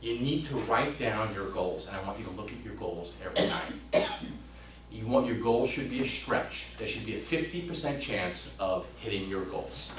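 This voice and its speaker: A man in his fifties gives a fired-up motivational talk to trainees. His voice sits fairly low and carries some distance from the mic. It echoes around the room over a faint hum. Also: normal speed. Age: 50s. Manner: energetic, emphatic, swings from loud to hushed. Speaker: real estate trainer.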